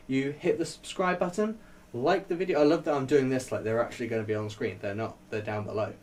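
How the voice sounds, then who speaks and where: A man's voice: fairly high pitch, darkish tone. Chatty man reviewing, slightly distant mic. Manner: chatty, rambling, laughs often, many fillers. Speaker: vlogger reviewing a TV show. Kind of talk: casual spoken review.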